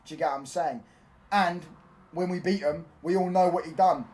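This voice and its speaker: A young man from hosts a casual football live stream. He talks in an animated, slangy way and keeps asking whether his chat gets what he means. His voice sits a little on the high side. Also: fast. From London. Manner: animated, slangy, repeats "do you get what I'm saying".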